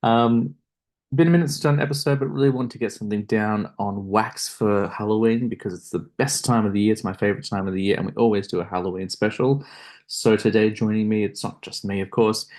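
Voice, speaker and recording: A man's voice: on the low side, brisk. A man hosting a podcast, chatting casually and teasing himself a little. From Australia. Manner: relaxed, chatty, self-deprecating. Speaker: podcast host. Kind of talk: casual chat.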